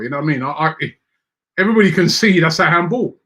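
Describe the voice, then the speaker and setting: A man's voice: on the high side, animated, fast talker, a bit bright. Exasperated man ranting about football. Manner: exasperated, repeats words when worked up. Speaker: football fan show host reading viewer comments. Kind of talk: animated casual rant.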